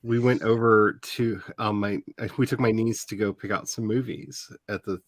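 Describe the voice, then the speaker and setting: Laughing animated man telling stories. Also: on the low side, moderate pace, dry recording. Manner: animated storyteller, laughs often, acts out quotes. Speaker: host. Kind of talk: casual chat.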